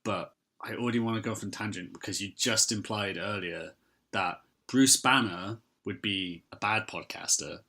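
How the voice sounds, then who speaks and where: A young man co-hosting a casual podcast, wry and teasing, quick to laugh. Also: fairly low pitch, sharp tone. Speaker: podcast co-host.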